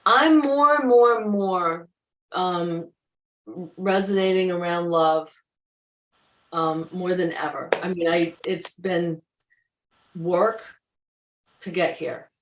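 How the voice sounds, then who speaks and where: A woman's voice: on the low side, slow, pauses often. A woman on a video call chatting casually about spiritual growth in a reflective, meandering way, acting out her own inner thoughts. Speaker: co-host. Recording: echoey room, distant mic.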